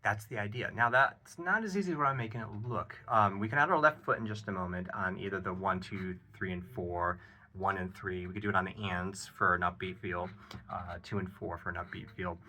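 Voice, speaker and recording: A man giving a casual drum lesson, counting beats aloud and explaining an exercise in a relaxed, encouraging way with plenty of ums and uhs. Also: deep voice, a little fast. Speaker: drum teacher. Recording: loud drum playing behind the voice. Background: drum kit playing.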